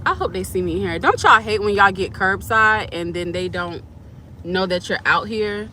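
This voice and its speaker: Bright-voiced woman chatting on a live stream. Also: medium pitch, expressive, normal speed, a little hiss or hum. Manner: chatty, reads and answers comments. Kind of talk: casual live-stream chat. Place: parked car at a curbside pickup.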